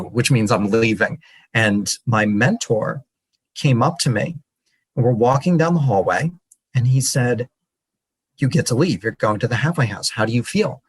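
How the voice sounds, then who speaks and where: A man, a podcast guest and author, telling his story in an earnest, animated way. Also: medium pitch, breathy edge, poor audio. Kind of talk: storytelling interview.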